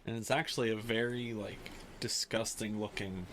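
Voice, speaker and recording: A man's voice: fairly low pitch, flat delivery, normal speed, a bit bright, a little hiss or hum, low-quality recording. A man hosting a podcast, recapping casually with lots of fillers. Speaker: podcast host. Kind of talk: casual chat.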